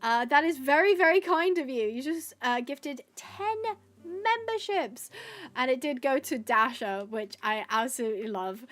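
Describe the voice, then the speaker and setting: A woman's voice: high voice, expressive, measured pace, fairly bright tone. A woman chatting on a livestream in a bubbly, chatty way, thanking her viewers as she talks. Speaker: livestreaming gamer. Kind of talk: casual livestream chat.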